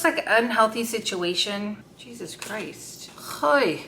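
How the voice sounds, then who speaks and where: A woman's voice: medium pitch, animated, measured pace, a bit bright. Casting note: woman, tarot reader, off-the-cuff and foul-mouthed, mid-range voice, faint room hum behind. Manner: blunt, swears freely, talks to the cards aloud. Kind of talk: casual unscripted tarot reading.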